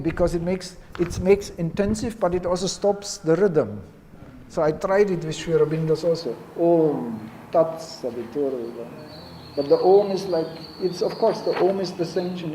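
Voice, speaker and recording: A man teaching Vedic chanting who explains gently and drops in many "you see" asides. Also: high voice, steady tone, normal speed, slight background noise.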